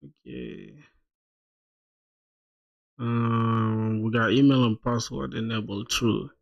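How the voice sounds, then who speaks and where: Gravelly man thinking aloud while coding. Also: mid-range voice, fairly even intonation, takes it slowly, lo-fi sound. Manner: thinks aloud, laughs often, says "bro" a lot. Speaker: streamer coding live. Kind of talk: casual live-coding stream chat.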